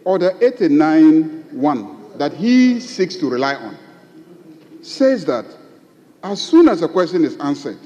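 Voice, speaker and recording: A man's voice: a little high, sing-song, unhurried, mellow, lo-fi sound. A man, the majority leader, lecturing on the rules and repeating his point in a parliamentary debate. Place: large parliament chamber. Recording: long reverb of a large chamber.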